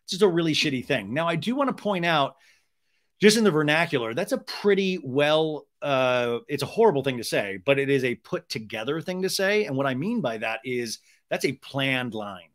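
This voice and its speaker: A man's voice: on the high side, expressive, moderate pace, a bit bright. A man hosting a podcast, recapping TV in a chatty, joking, profane way. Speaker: podcast host. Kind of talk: casual comedic TV recap.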